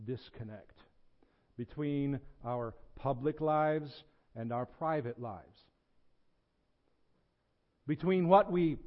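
A male pastor preaching a sermon in a church sanctuary, earnest and emphatic, repeating his points and dropping to low, intense tones. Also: lo-fi sound.

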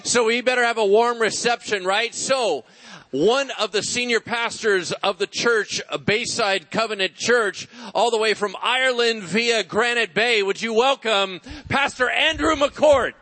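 A man's voice: very high voice, pushed and bright, rough recording. A man hosting a church service, introducing a guest speaker in an upbeat way. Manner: upbeat, fast-talking. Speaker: pastor. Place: large church.

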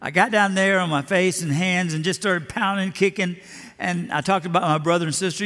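A man's voice: high voice, fairly even intonation, a little fast, a bit bright. An older man who grew up in Alabama, preaching a sermon in a folksy storytelling way and acting out the voices in his stories. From Lower Alabama. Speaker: pastor. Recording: long hall reverb.

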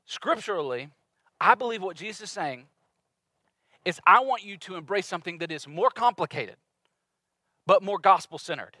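A male pastor in his thirties preaching a sermon in a conversational, animated way, acting out little voices in his stories. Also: high voice, normal speed, pauses often, no room sound.

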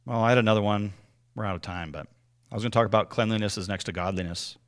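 A man giving a conversational Bible teaching, explaining things earnestly and often checking in with a quick "right?". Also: on the low side, steady tone.

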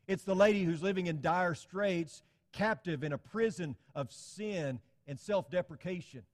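A man preaching a sermon in an earnest, pleading way, often dropping to a soft, quiet emphasis. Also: a little high, long reverb tail.

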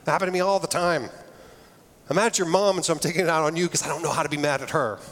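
This middle-aged pastor's voice is a little high and a bit bright, and he preaches in rapid-fire fashion. Earnest yet conversational, he keeps restarting phrases, with a large hall's long reverb around him.

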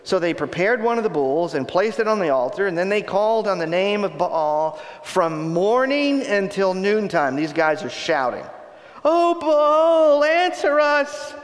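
High-voiced preacher in a reverberant hall. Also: male voice, normal speed, hardly any pauses. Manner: conversational, animated storytelling. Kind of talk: sermon retelling a scripture story.

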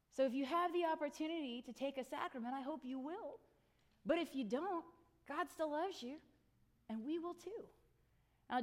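A middle-aged woman pastor preaching a sermon, telling stories with animated, acted-out lines. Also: on the high side. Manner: animated storytelling, acts out people's lines.

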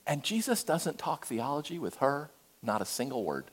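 A man preaching a sermon, conversational and animated, dropping to a hush for emphasis. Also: medium pitch, normal speed, husky.

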